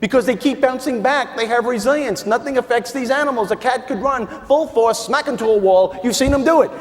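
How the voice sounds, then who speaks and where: A man giving a stand-up style motivational talk, animated and acting out voices for laughs. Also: very high voice, a little fast, a little hiss or hum. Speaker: motivational speaker. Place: large hall with audience. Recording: live hall recording with reverb.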